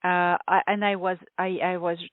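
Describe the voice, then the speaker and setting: A woman's voice: on the low side, flat delivery, normal speed, no room sound. A woman guest recounts her story over a remote call, stumbling through restarts and fillers, often breaking into laughs. Her voice comes through a narrow, tinny, phone-like line. The sound is dry and close, with no room around it. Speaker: interview guest. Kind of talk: casual storytelling interview.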